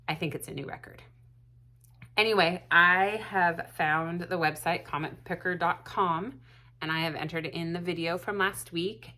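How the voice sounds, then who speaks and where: A woman's voice: fairly low pitch, pushed and bright. A woman hosting her crafting vlog, chatty and self-deprecating, laughing at herself. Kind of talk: casual chat to camera.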